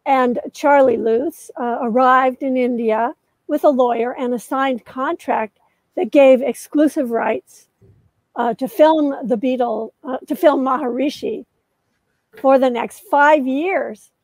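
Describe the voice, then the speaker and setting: A woman's voice: high-pitched, takes it slowly, a little mellow, no echo, poor audio. A woman in her seventies, a guest author, telling a detailed story in conversation with frequent "uh" fillers. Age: 70s.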